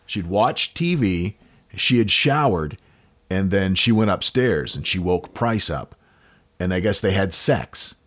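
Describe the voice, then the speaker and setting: A man's voice: low-pitched, expressive, unhurried, fairly bright tone. An American man hosting a podcast, casually telling a true crime story with wry, offhand jokes.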